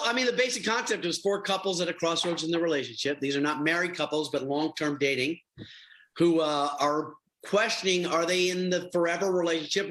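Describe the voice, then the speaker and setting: A man's voice: a little high, a bit bright, poor audio. A middle-aged man, a TV host, answering interview questions as an affable storyteller. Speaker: reality show host.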